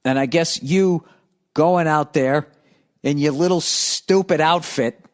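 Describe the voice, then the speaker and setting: A man's voice: on the high side, slow. A middle-aged man hosting a podcast, ranting sarcastically and profanely about cyclists while reading listener letters. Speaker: podcast host.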